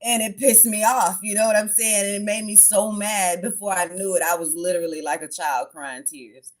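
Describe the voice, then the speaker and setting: A woman's voice: mid-range voice, steady tone, normal speed. A woman hosting her tarot channel, chatting casually on a livestream and telling a story in frank, profane speech.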